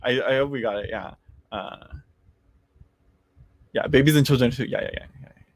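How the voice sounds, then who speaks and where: A man of middle pitch hosting a casual live-stream tarot reading. He talks in a loose, rambling way, restarts his sentences often and laughs easily between thoughts. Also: normal speed, no room sound.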